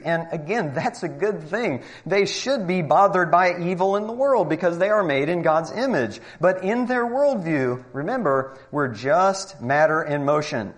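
Emphatic man with a higher voice. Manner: emphatic, rhetorical questions. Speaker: Christian apologetics speaker. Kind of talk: presentation to a live group.

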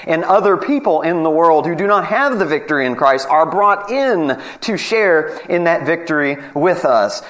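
A man preaching a sermon to his congregation, earnest, moving from brisk announcements to slow, emphatic scripture reading. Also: a little high, a bit bright.

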